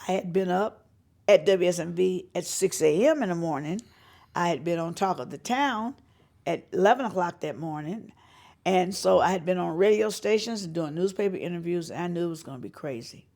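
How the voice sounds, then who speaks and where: A North Carolina woman with a lowish, fairly quick voice and some vocal fry tells lively, emphatic stories in an interview. She's a singer and showcase organizer, and she acts out the voices of the people she quotes.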